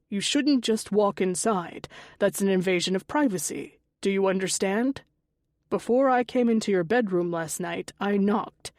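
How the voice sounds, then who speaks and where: A woman voicing a calm, controlling middle-aged father. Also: high-pitched, no echo, studio quality. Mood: stern. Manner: soft-spoken, with a firm, lecturing edge.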